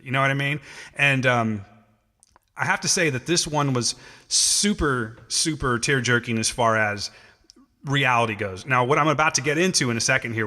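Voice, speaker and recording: Podcast co-host, male, casual and rambling; bright tone in a reverberant space. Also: mid-range voice. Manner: rambling, with many restarts and fillers. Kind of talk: casual chat.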